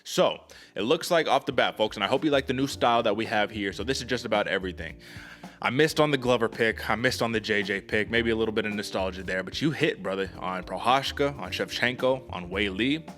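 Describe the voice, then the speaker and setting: A man's voice: lowish voice, brisk, fairly bright tone, faint music behind. A man hosting a casual sports podcast, talking energetically and emphatically to his co-host.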